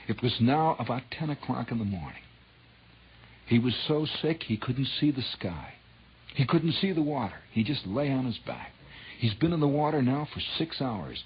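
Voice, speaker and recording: A man telling a dramatic true story on old radio, dropping to hushed whispers and rising to loud swells. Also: medium pitch, very animated, normal speed, husky. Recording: dull lo-fi 1960s radio recording.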